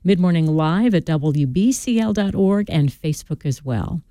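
Mellow woman radio host. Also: low-pitched, animated, normal speed, dry recording. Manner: smooth, friendly announcing. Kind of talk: live call-in radio hosting.

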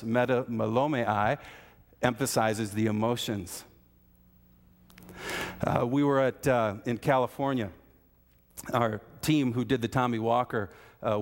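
A man preaching a sermon, telling folksy stories and asking repeated rhetorical questions of his congregation. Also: mid-range voice. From American Midwest. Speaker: pastor. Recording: hall reverb.

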